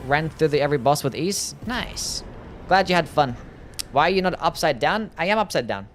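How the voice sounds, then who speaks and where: A man with a mild Australian accent streaming a game, chatting casually and reading viewer messages aloud, easygoing and quick to laugh. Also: fairly high pitch, lively intonation, slight background noise. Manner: laid-back, easygoing, laughs often, loose with fillers. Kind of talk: casual livestream gameplay chat, reading chat aloud.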